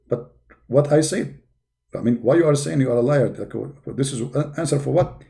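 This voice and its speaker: A man hosting a video, talking sarcastically in a mocking commentary and drawing out his questions slowly. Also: medium pitch, vocal fry, mellow. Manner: sarcastic, with slow, drawn-out questions. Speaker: video host. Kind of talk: mocking commentary with a comic skit.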